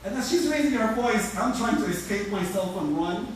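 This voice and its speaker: A man's voice: sits high, lively intonation, moderate pace, slight background noise. A man preaching as an imam, talking energetically and conversationally, repeating words as he goes, recorded in a mosque prayer hall. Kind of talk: sermon. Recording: echoey hall from far off.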